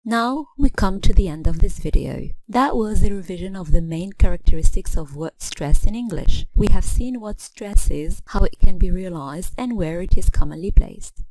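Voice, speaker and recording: A woman's voice: on the low side, expressive, moderate pace, few pauses, a little mellow, no room sound, low-quality recording. A woman narrating a scripted English lesson, spelling out suffixes letter by letter and reading example words one at a time. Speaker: English teacher.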